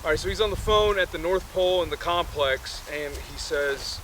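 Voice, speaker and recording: A man's voice: on the high side, moderate pace, a bit bright, slight background noise, poor audio. A man casually retelling a movie, rambling with many fillers and self-corrections.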